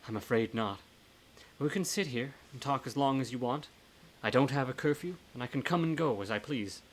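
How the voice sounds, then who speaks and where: A man's voice: medium pitch, normal speed, lightly acted. A man reading aloud and voicing a blunt, motherly elderly woman ghost in a put-on accent during a live reading of a horror novel. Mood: reassuring. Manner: put-on accent, scolding and teasing.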